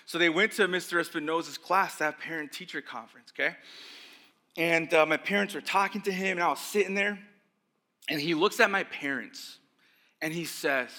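A young adult man preaching a sermon as pastor, casual and conversational, with lots of "like" and quick asides to the congregation. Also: on the high side. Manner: conversational, animated, acts out voices of religious leaders.

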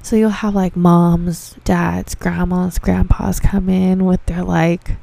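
A woman's voice: lowish voice, little pitch movement, takes it slowly, gravelly, mellow. A young woman hosting a casual podcast monologue, rambling, swearing freely and filling with "like". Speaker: podcast host.

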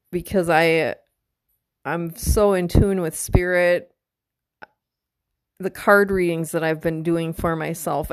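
A woman's voice: lowish voice, clear, resonant tone, no room sound. A middle-aged woman hosting a casual podcast monologue, talking candidly and with heart, swearing freely and open about her feelings. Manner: emotional, openly tearful at times. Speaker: podcast host.

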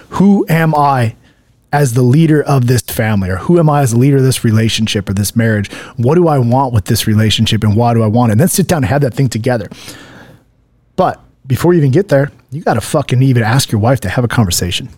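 A man's voice: medium pitch, expressive, quick pace, darkish tone, no echo. A man co-hosting a podcast, giving blunt, profane, emphatic coaching advice to husbands. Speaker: podcast co-host, men's coach. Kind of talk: casual motivational podcast talk.

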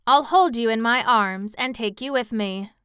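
A woman's voice: a little high, a little slow, a bit bright, clean tone, no room sound, studio quality, pitched above the performer's own voice. A woman voicing a cheerful, confident little girl in an audiobook, speaking eagerly and reassuringly.

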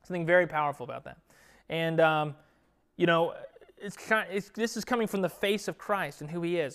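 A man's voice: on the high side, fairly quick, clean tone. A young man leading a Bible study in a room with a group, talking in a loose, conversational way and sometimes dropping to a whisper. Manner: conversational, lively, drops to a whisper at times. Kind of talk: casual Bible teaching. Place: classroom with a group.

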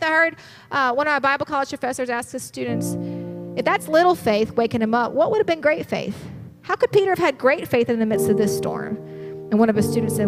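Woman preacher, high voice, urgent and passionate delivery, faint music underneath. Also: expressive, fairly quick. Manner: passionate, urgent, repeatedly says "listen". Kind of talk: sermon.

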